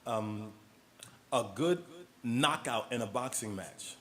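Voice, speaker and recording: A man from New York talking as an interview guest, relaxed and storytelling, often laughing. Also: medium pitch, slow pace, slight background noise. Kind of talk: casual interview conversation.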